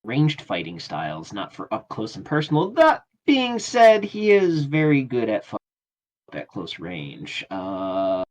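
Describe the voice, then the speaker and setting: A man running a tabletop game as game master, narrating casually and often pausing on fillers. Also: lowish voice, big pitch swings, poor audio. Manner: casual, halting, many fillers.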